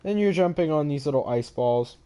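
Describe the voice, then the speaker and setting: A man's voice: a little high, animated, brisk, mellow, clean tone. Sleepy young man touring game maps. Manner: rambling, sleepy, yawning and apologizing. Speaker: gaming channel host. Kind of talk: casual game map walkthrough. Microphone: head-mounted microphone.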